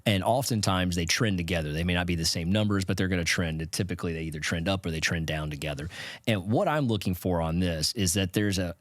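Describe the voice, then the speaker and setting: A man with a low, deep voice hosts an educational finance podcast in a loose, conversational way, restarting sentences now and then. He sounds close to the mic in a dry, dead room. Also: no echo. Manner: conversational, stumbles and restarts, chuckles at points. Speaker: podcast host. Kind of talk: casual educational monologue.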